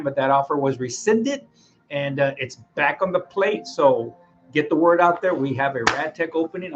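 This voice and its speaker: A man's voice: fairly high pitch, muffled recording. Folksy man leading a staff huddle. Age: middle-aged. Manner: folksy, upbeat, rambling with self-corrections. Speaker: radiology department manager. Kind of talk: team huddle announcements.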